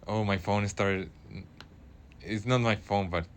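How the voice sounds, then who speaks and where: Man hosting a radio show, low voice, halting and rambling, faint background hiss. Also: steady tone. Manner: rambling, halting, many fillers and restarts. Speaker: radio host. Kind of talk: casual solo radio talk. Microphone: studio microphone.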